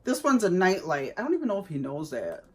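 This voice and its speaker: A woman's voice: on the low side, very animated, quick pace, slightly rough. A woman vlogger chatting casually to viewers as she unboxes gifts, exclaiming over each item.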